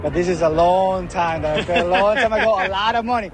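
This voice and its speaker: A man's voice: sits high, fairly even intonation, a little fast. A man from Peru, a football fan, chatting casually and hospitably at a tailgate party. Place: outdoor stadium car park. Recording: outdoor crowd noise.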